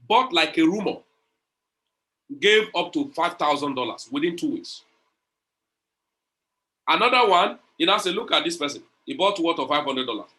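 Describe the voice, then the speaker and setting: A man's voice: a little high, sharp tone. A man leading an online crypto community session, talking in a preachy, motivational way, repeating phrases and retelling conversations.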